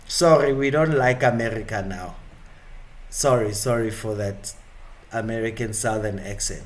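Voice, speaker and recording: A man's voice: on the low side, normal speed. A South African man hosting a live stream, chatting and joking in a rambling, casual way.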